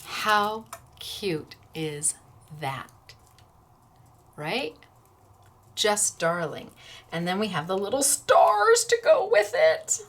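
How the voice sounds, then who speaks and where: A woman's voice: mid-range voice, sing-song, very slow, pauses often. A woman hosting a casual craft demonstration, chatty and upbeat, laughing easily as she works. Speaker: craft shop host.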